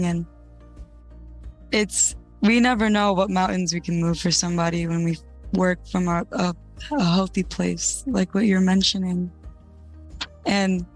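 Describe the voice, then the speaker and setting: Podcast host with a flat delivery. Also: mid-range voice, creaky. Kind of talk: interview chat.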